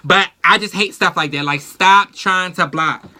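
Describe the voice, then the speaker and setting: A woman's voice: fairly low pitch, unhurried, sharp tone. A woman beauty vlogger in a casual get-ready-with-me chat, talking bluntly and with a lot of profanity.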